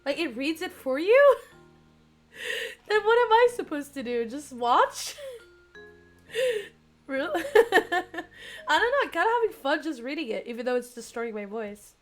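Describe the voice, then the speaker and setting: Giggly high-voiced young woman streamer. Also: unhurried, long pauses, soft background music. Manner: giggly, excitable, chats with viewers. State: strained, cracking voice. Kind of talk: reading a dating game aloud on stream.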